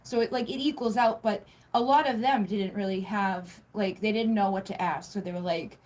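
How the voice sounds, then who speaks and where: A woman's voice: mid-range voice, moderate pace, darkish tone. A young woman hosting a tarot livestream from home, chatting casually, giggling often and swearing freely. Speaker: tarot reader livestream host. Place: home, indoors.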